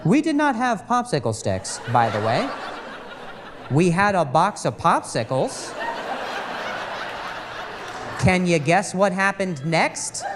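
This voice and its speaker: Male stand-up comic, lively and exasperated, higher voice, live club noise. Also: slow, long pauses, in a large hall. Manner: animated, exasperated storytelling. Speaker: stand-up comedian. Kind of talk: stand-up comedy storytelling. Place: comedy club stage.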